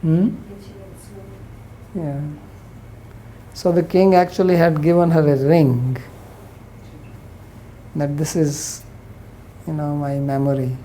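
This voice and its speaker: Woman lecturer, low and mellow voice, unhurried storytelling of scripture. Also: steady tone, a little hiss or hum, poor audio. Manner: retells the story in plain words, quoting its characters. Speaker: scripture teacher.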